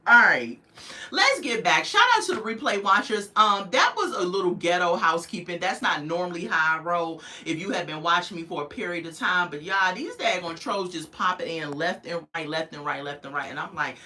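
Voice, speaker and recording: Lively, bright-voiced woman live-streaming. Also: lowish voice, normal speed. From United States. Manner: chatty, greets viewers in the chat, laughs often. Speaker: host of a live reality-show review stream. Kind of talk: casual livestream commentary.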